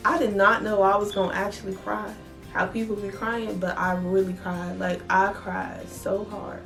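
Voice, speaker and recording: A young woman vlogger, telling her story in a blunt, profane, animated way. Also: medium pitch, unhurried, gravelly, soft background music. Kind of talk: casual storytelling vlog.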